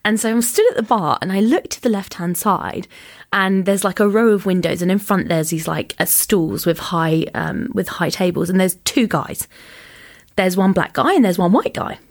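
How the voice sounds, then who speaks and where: A woman's voice: lowish voice, normal speed. A woman chatting as a guest, telling a story and acting out the dialogue with lots of "like". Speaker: podcast guest. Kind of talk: casual anecdote telling.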